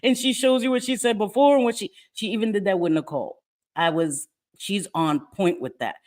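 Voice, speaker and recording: A woman's voice: medium pitch, brisk, a little mellow. A middle-aged woman hosting a casual livestream, chatting loosely, laughing often and greeting viewers by name. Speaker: livestream host.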